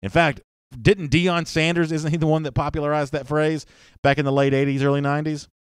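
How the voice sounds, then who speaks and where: A man's voice: on the high side, little pitch movement, a little fast, clean tone, no echo, studio quality. A man hosting a live sports talk show, chatting casually and reading viewer comments, rambling with restarts and fillers.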